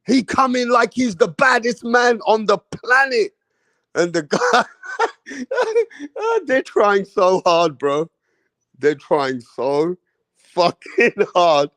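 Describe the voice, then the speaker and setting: A young man talks through a boxing fight in loose, excitable, slang-heavy commentary. His voice sits high and his pace is unhurried. The recording is dry and close. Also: dry recording. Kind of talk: casual reaction commentary.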